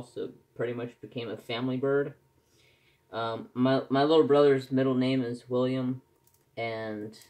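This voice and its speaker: A man chats at an unhurried pace for his crafting vlog. His talk is folksy and rambling, full of small restarts. His pitch sits in an ordinary middle range. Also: a little mellow. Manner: rambling, folksy, self-correcting. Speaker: crafting vlogger. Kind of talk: casual chat.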